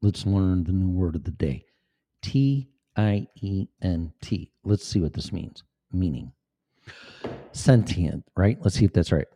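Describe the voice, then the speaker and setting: A man's voice: low voice, a little slow, mellow. A man giving profane, rambling, blunt commentary as a vlogger. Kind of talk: casual commentary.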